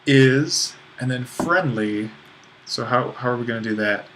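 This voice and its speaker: A man's voice: medium pitch, unhurried, noisy background. Man thinking aloud through grammar drills. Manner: patient, thinks aloud and corrects himself. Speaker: Greek teacher. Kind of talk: talking through grammar exercises.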